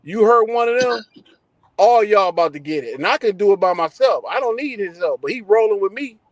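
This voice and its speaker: High-voiced blunt man, emphatic. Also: lively intonation, a little fast, dry recording. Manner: emphatic, repeats "listen", blunt. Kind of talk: casual group debate.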